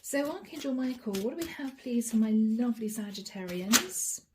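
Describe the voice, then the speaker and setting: A woman giving a channeled tarot reading straight to her viewers, chatty and friendly, slowing down to name each card. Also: on the high side, a little hiss or hum. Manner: chatty, addresses viewers directly, slows to name cards. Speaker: tarot reader.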